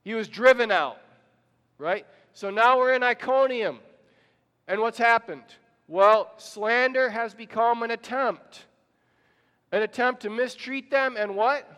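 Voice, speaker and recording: A man's voice: very high-pitched, a bit bright, clean tone, in a large hall. A man pastor preaching a sermon, telling the story and asking the congregation questions.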